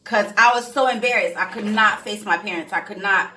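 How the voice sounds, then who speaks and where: A woman vlogger telling her own life story in a casual, animated way, repeating phrases for emphasis. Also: mid-range voice, fairly quick, a little hiss or hum. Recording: echoey room, faint music behind.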